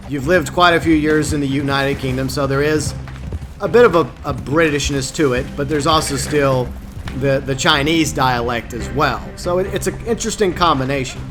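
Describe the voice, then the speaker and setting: A man streaming a video game from home, chatting casually with viewers and often stumbling over his words in a self-mocking way. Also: on the high side. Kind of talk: casual chat with viewers while gaming. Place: home streaming setup, Louisiana.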